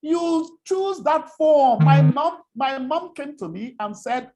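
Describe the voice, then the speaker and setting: A woman's voice: high-pitched, expressive, slow pace, hardly any pauses, dark tone. Emphatic Nigerian woman lecturing on broadcasting. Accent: Nigerian English. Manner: assertive, emphatic, scolding. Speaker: broadcasting trainer. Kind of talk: lecture to trainees.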